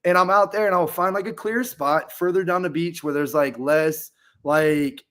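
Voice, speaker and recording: A man's voice: fairly high pitch, fairly even intonation, normal speed, a bit bright. A man talking as a podcast guest, telling a candid personal story in a rambling, casual way, full of fillers.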